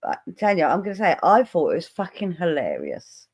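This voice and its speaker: A woman's voice: lowish voice, huge pitch swings, a little fast, a crowd in the background. A woman co-hosting a casual chat, blunt and teasing, swearing now and then.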